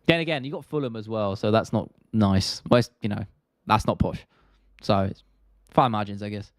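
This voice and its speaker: A man's voice: on the low side, normal speed, dry recording, studio quality. Chatty South London guy. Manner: chatty, blunt, swears freely, drops T's. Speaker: MMA stream host. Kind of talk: casual live-stream chat reading viewer comments.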